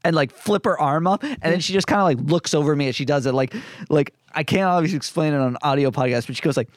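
A man's voice: quick pace, no echo, clean studio sound. A man on a casual podcast telling stories and acting out other people's lines in raised voices. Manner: animated storyteller, acts out quotes in high voices. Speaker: podcast co-host. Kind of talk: casual chat, storytelling.

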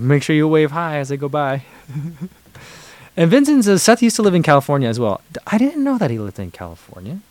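A man's voice: on the high side, dry recording. A man hosting a livestream, reading viewer comments and chatting casually with many fillers and restarts. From United States. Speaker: livestream host reading chat. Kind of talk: casual chat.

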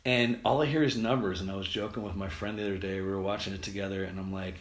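An American man hosting a podcast, talking casually and quickly, rambling with restarts and fillers. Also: deep voice, steady tone. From United States. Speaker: podcast host. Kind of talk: casual solo podcast monologue. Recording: roomy echo.

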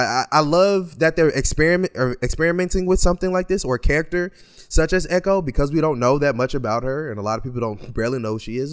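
A man's voice: mid-range voice, a bit bright. A man co-hosting a casual pop culture podcast. He talks in a mid-range voice, thinking aloud and restarting his sentences often. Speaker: podcast co-host.

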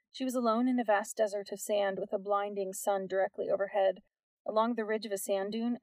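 A woman reading a novel aloud as the narrator, telling it at a steady storytelling pace. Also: medium pitch, no room sound.

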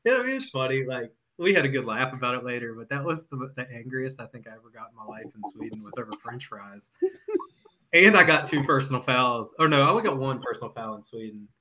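A man with a bright, forceful voice, chatting as a podcast guest. He tells his coaching stories in an animated way and laughs easily between lines. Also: mid-range voice, fast talker, poor audio. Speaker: guest, former football head coach. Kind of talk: casual podcast storytelling.

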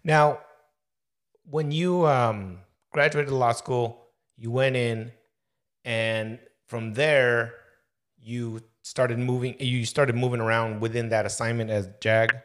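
A man's voice: medium pitch, steady tone, takes it slowly, fairly bright tone. A man hosting a podcast, asking friendly, rambling questions in a casual interview. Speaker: podcast host.

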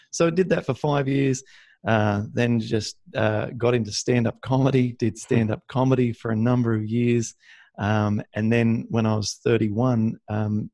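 A man's voice: fairly low pitch, creaky, darkish tone, dry recording, clean studio sound. An Australian man as a podcast guest, telling his story casually with many ums and uhs. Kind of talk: casual interview.

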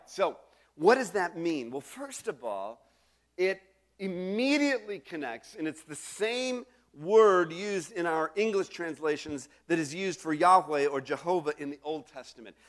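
A middle-aged male pastor preaching a sermon in a conversational way, full of restarts and asides to the congregation. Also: on the high side.

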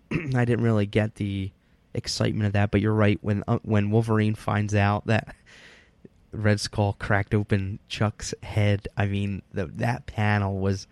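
Low-voiced man rambling about comics. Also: flat delivery, measured pace, a little mellow, no echo. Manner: rambling, filler-heavy, laughs easily. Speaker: podcast co-host. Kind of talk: casual comic book review chat.

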